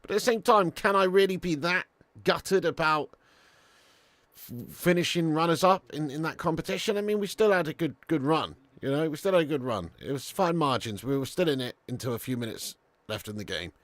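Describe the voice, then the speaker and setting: Reading out viewer comments as he watches football live, this young man is animated and sweary in his banter. His voice is a little high and a little fast, with no echo.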